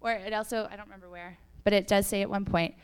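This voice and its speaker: A woman's voice: medium pitch, steady tone, quick pace, clean tone. A woman leading a youth group with a casual faith talk, chatty and full of "like" and "right?".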